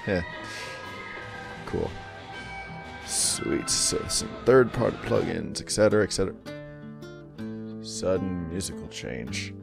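A man's voice: deep voice, expressive, takes it slowly, creaky, pauses often. A man hosting a let's play, chatting casually and rambling over the game's closing credits. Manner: laid-back, rambling, mumbling asides. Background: game music.

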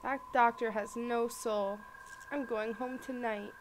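A woman narrating a let's-play in an unhurried, fairly high voice. She reads game dialogue aloud with gentle reactions, over a noticeable background hiss. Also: steady tone. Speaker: gaming video host.

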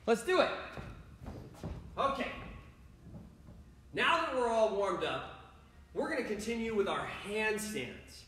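A man with a high, very animated voice leads a children's home gymnastics workout, speaking slowly with long pauses and addressing the kids watching in an upbeat, playful way. His tone is a bit bright, and the recording is very echoey.

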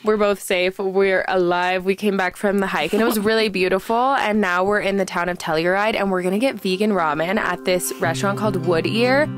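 A woman's voice: medium pitch, fairly even intonation, a little fast, few pauses, soft background music. A young woman vlogger chatting casually, telling a story with lots of "like" and laughs. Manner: chatty, laughing, filler-heavy with "like".

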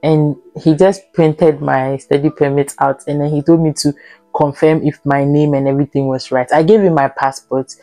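A woman's voice: deep voice, flat delivery, moderate pace, warm tone, dry recording, faint music behind. A young woman from Ghana giving casual travel advice in a vlog, chatty and laughing often, sometimes acting out airport conversations in a raised voice. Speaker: vlogger.

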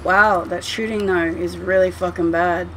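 A gameplay streamer with a fairly low, a bit bright voice and fairly even intonation does let's play commentary at home at a moderate pace. She's chatty, swears freely, and talks to the game, with a little hiss or hum audible.

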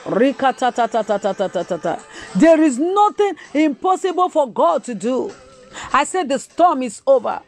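A woman's voice: high-pitched, lively intonation, faint music behind. A woman evangelist preaching a livestreamed sermon, drawing out and repeating her phrases with emphasis, dropping "eh" between lines and breaking into tongues. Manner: slow, drawn-out emphatic preaching with repetition and bursts of tongues; punctuates phrases with "eh".

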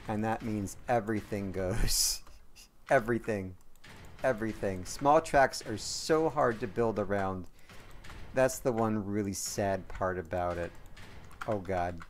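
A man streaming a game live, chatting and rambling to his viewers, joking and quick to apologize. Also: lowish voice, slight background noise. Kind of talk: live gameplay commentary to chat.

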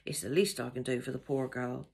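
A woman's voice: rumbling low, flat delivery, a little fast, vocal fry, darkish tone, breathy edge, pitched below the performer's own voice, exaggerated voice. A woman doing a bossy old-fashioned cook. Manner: scolding, bossy. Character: bossy middle-aged female cook, fussy and motherly.

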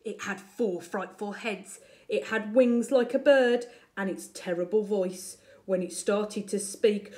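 A woman primary school teacher reading a picture book aloud to children with expressive storytelling. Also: medium pitch. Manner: expressive, slow and deliberate storytelling.

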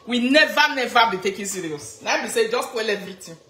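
A woman speaking Nigerian Pidgin, teasing and animated as she comments, laughing often. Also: fairly high pitch, fairly quick, reverberant. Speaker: vlogger. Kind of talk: casual commentary vlog.

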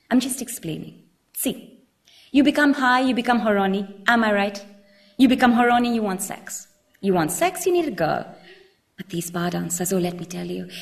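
A woman reading aloud as a chatty, leering male bar patron, lecturing vigorously and swinging his pitch up and down as he boasts. He peppers his talk with local slang, and the reading stays lively throughout. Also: gravelly. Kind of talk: reading a book passage aloud.

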